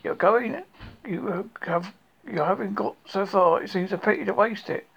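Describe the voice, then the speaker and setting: A reader voicing a fussy, polite male rabbit in a storybook reading, brisk and prim. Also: mid-range voice, vocal fry, a bit bright, slightly rough, exaggerated voice. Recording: lo-fi recording.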